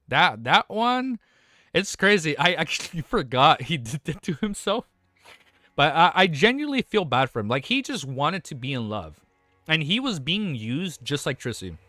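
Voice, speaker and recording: A young man reads a novel aloud on a live stream, reacting in a casual, emotional way with plenty of swearing and frequent exclamations of "dude." His voice is on the high side with a sharp tone, and the recording is dry.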